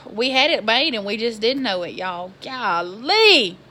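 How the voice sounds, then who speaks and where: A woman, telling a story in an exasperated, animated vlog style. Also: fairly high pitch, takes it slowly. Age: 20s. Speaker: vlogger.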